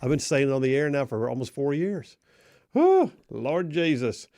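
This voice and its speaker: A man hosting live talk radio from a studio, energetic and folksy, restarting sentences often. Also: mid-range voice, quick pace, clean tone, dry recording. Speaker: radio talk show host.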